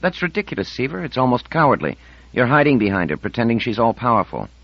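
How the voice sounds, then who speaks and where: A man's voice: medium pitch, sing-song, quick pace, gravelly, no room sound, voice pushed up. A man reading an audiobook, voicing an anxious, stern middle-aged mother who pleads and bristles. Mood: anxious, indignant. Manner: raised, pleading, indignant. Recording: dull dry audiobook recording.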